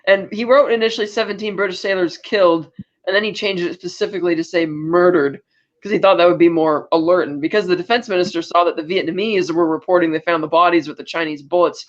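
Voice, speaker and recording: A man's voice: high-pitched, lo-fi sound. A man co-hosting a podcast, casually retelling film scenes and acting out the lines as he goes. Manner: retells scenes acting out quotes in quick asides. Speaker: podcast co-host.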